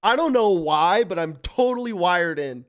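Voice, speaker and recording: A man from Canada streaming live, thinking out loud while he guesses, hyped up and swearing freely. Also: high-pitched, lively intonation, normal speed. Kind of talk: casual live-stream commentary.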